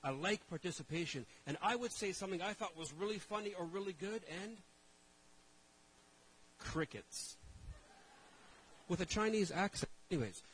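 A man preaching as a pastor, telling a story with animated shifts from hushed asides to loud outbursts. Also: high voice, quick pace, hardly any pauses, a little hiss or hum, rough recording. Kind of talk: sermon storytelling.

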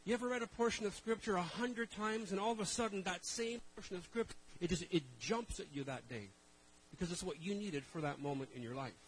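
A man's voice: high-pitched, a little fast, slight background noise, poor audio. A middle-aged man preaching a sermon to a live congregation in a conversational way, with self-deprecating jokes and rhetorical questions. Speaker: traveling minister.

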